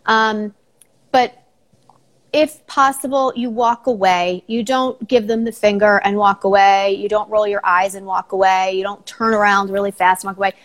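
A middle-aged woman speaks in a casual podcast chat with a voice of ordinary pitch. She sounds like a psychologist guest: practical and earnest, though she slips in a joke now and then. She lays out steps plainly. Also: fairly even intonation, moderate pace. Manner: joking then earnest, advice-giving.

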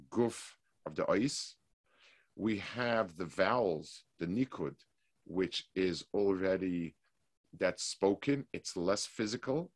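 A man teaching a weekly Torah class, explaining slowly with restarts and reading passages of Hebrew text quickly. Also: fairly low pitch, no room sound.

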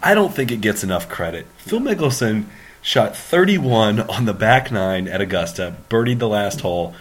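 Low-voiced podcast host reeling off stats. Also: male voice, lively intonation, moderate pace. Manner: eager, reels off stats. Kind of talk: casual chat.

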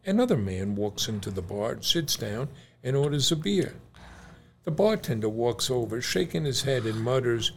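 Gravelly-voiced dad telling jokes. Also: male voice, mid-range voice, very animated, normal speed, slight background noise. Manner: chuckling, playful storyteller. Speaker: co-host, father. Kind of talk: casual chat, joke telling.

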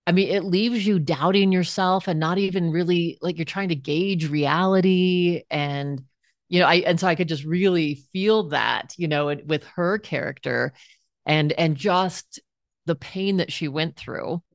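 A woman's voice: fairly low pitch, unhurried, dry recording, studio quality. A woman hosting a podcast interview, asking earnest, reflective questions. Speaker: podcast host.

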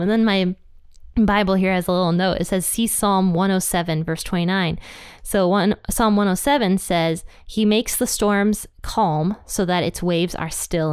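A woman hosting a casual Bible study podcast. She talks in a chatty, animated way and laughs at her own asides. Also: medium pitch, clear, resonant tone, no echo, clean studio sound. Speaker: podcast host teaching the Bible.

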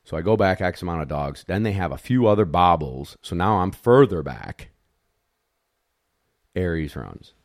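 Man, very deep voice, dry close sound, dog handler, animated storyteller, blunt. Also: normal speed, dry recording. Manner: animated, acts out dogs and judges; blunt, mild swearing. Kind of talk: casual storytelling.

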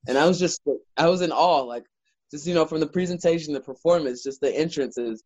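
A man's voice: medium pitch, fast talker, no echo, dull audio. A man, a wrestler guest, telling stories in a casual interview with lots of filler words. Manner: animated storyteller, lots of "like" fillers.

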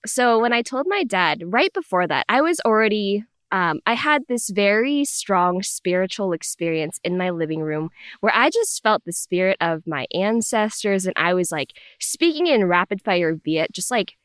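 Brief: young adult woman, podcast guest, animated storyteller, dry close recording. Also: mid-range voice, moderate pace, clear, resonant tone, no room sound. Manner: animated, acts out her parents' voices in quotes. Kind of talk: storytelling conversation.

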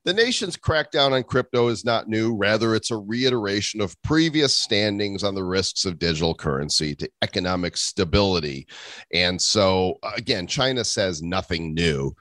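Male podcast co-host, low voice, dry close sound, joking casual delivery. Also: animated, moderate pace, a bit bright, no echo. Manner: jokey, riffing, slips into mock voices. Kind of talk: casual chat.

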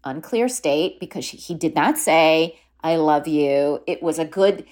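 A woman hosting a podcast, recapping a TV show in casual chat, chatty and quick to laugh, with plenty of fillers. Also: deep voice, darkish tone. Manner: chatty, full of fillers and laughs, mimics quotes. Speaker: podcast host.

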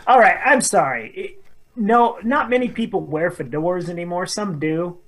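A man's voice: high voice, moderate pace, fairly bright tone. A man co-hosting a casual comedy radio show, joking and rambling and laughing at his own jokes. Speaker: co-host.

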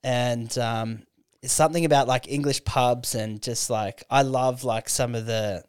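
Clear-voiced, sweary man. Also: mid-range voice, fairly even intonation, a little slow. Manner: profane, laid-back storytelling. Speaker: podcast host. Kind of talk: casual chat.

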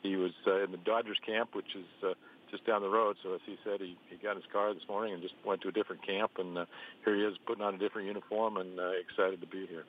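A deep-voiced man calls in to talk baseball, stopping and restarting his sentences with plenty of fillers. His voice comes through a thin, tinny phone line with a light hiss behind it. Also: level tone. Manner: halting, many restarts and fillers. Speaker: baseball reporter. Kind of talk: phone interview.

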